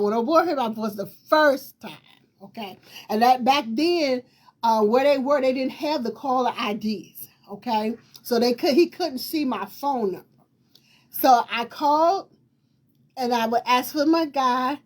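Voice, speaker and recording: A woman host with a high, distinctive voice tells her own story in a casual, lively way. She keeps repeating herself, acts out what people said, and laughs as her animated retelling wanders and loops back.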